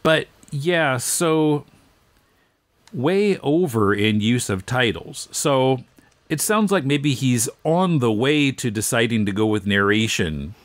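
Lively-voiced male podcast co-host, dry sound. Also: mid-range voice, slow, dry recording. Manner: conversational, explains details with lively inflection. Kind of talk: casual chat.

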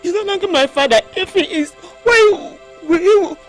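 A resentful Nigerian daughter who is close to tears, with a high, piercing voice that keeps insisting. Faint music runs underneath her in this film scene. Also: expressive, moderate pace. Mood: bitter, tearful. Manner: shrill, insistent, near tears. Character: sick, aggrieved teenage daughter, bitter at her father.

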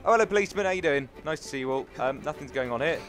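A man's voice: on the high side, expressive, very fast, fairly bright tone. A young British man from England chatting casually and mocking himself as he plays through a video game. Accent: British English. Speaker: gaming YouTuber. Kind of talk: casual let's-play commentary. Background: game music.

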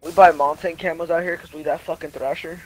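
A young man streaming a shooter, cursing and excitable in casual chat with teammates on a headset. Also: a little high, quick pace, soft background music, rough recording. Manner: profane, excitable.

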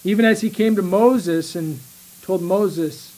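A man preaching a sermon in a small church, earnest and emphatic, slowing down and pausing to stress his points. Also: high voice, a little mellow, poor audio. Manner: earnest, slow emphatic delivery with pauses.

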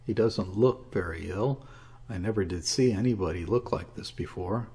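Guy doing a scared young country mum, stammery and meek, low husky voice. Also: normal speed, mellow. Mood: frightened. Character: frightened young village mother, timid.

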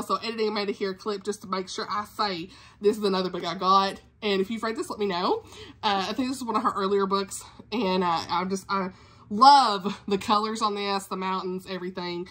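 Chatty Southern woman, bright voice. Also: medium pitch, a little fast. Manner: chatty, laughs often, says y'all. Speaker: book vlogger. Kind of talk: casual book haul vlog.

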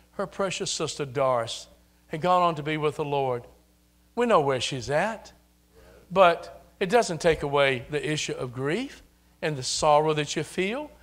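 Older preacher man, bright voice. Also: a little high. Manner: preaching with rising, repeated exhortations. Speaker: pastor. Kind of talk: sermon. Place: church sanctuary.

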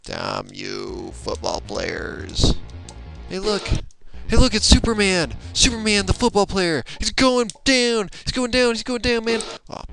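A young man casually commenting on a platform game, excitable, muttering and swearing at it, recorded on a laptop microphone. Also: high-pitched, unhurried, vocal fry, faint music behind. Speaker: let's play gamer.

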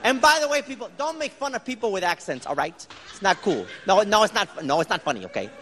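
Animated high-voiced stand-up comedian. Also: male voice, fast talker. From Bronx, New York. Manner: animated, jokey, talks to the crowd. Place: live comedy stage in a large hall. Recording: echoey hall with crowd noise. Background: audience laughter.

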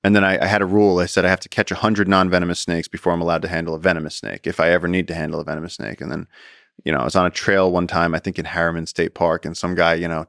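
An American man in his thirties, a podcast guest telling stories in casual conversation, animated, acting out quotes, with many fillers. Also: deep voice, racing, creaky, no echo, clean studio sound. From United States.

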